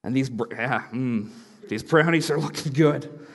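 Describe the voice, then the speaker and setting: Man doing a chill firm dad, middle pitch, echoey church. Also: measured pace, creaky. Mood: coaxing. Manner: calm, steady, reasoning. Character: calm, firm, patient middle-aged father.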